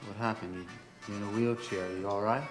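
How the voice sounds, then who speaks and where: A man's voice: fairly low pitch, fairly even intonation, fast talker, music in the background, close to an everyday voice. A man playing an estranged adult son who talks in a hesitant, stammering way, in a sketch comedy. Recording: studio audience laughter behind. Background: live studio audience.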